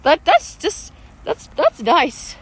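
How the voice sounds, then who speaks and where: A woman streaming a mobile game outdoors, chatting excitedly with viewers and arguing back at them. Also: high-pitched, takes it slowly, slight background noise. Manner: excitable, argues back at chat. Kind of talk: casual chat with viewers while playing. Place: outdoors, walking.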